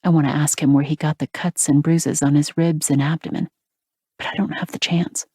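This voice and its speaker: A woman narrating a first-person romance audiobook in a breathy, half-whispered, intimate way, close to the mic. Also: sits low, steady tone, fairly quick, warm tone, no echo.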